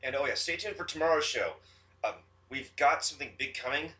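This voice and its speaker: Wisecracking man, very bright voice. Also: fairly high pitch, fairly quick, recorded from a distance. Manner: laughing, wisecracking. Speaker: guest co-host. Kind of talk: casual podcast chat. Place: home kitchen.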